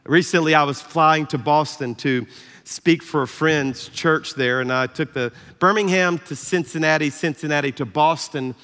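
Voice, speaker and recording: A Southern American pastor preaching in a long, echoing hall, his voice pitched high for a man and bright in tone. He tells a story with animated, self-deprecating humor and laughs often. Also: normal speed. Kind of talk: sermon with a storytelling anecdote. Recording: echoey hall reverb.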